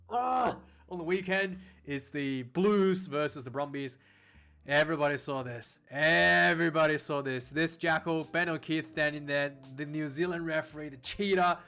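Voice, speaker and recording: High-voiced man rambling about rugby news. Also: a bit bright. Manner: rambling, frequent restarts and repeated words. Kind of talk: casual commentary vlog.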